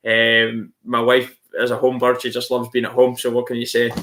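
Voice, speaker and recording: Male stream host, casual and blunt, swears a lot, addresses viewers as "mate," bright, sharp-edged voice. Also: mid-range voice, completely flat delivery, normal speed, slight background noise. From outside Australia. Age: adult, married. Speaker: channel host answering viewer comments. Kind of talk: casual live-stream chat.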